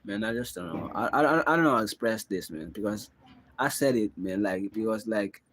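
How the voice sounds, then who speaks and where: A man's voice: lowish voice, lively intonation, a little fast, a bit bright, no room sound. A young man vlogging in a casual confessional monologue, rambling and musing, with constant fillers. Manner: rambling, musing, full of "like" and "bro".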